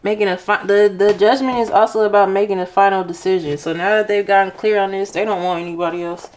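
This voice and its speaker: A young woman giving a casual tarot reading to her viewers, expressive and excitable, talking through tears at times. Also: medium pitch, quick pace, background noise. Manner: expressive, excitable, exclaims often. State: emotional, near tears. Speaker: tarot reader.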